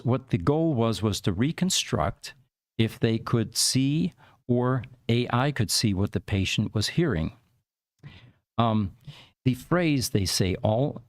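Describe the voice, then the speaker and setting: A man's voice: medium pitch, dry recording, studio quality. A man hosting a podcast, explaining tech news in a rambling, casual way with many fillers. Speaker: podcast host.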